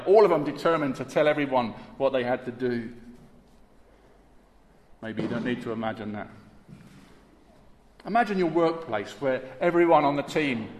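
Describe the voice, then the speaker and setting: A man preaching a sermon, emphatic and rhetorical, moving between hushed and forceful delivery. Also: mid-range voice. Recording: echoey hall, long reverb, faint background hiss.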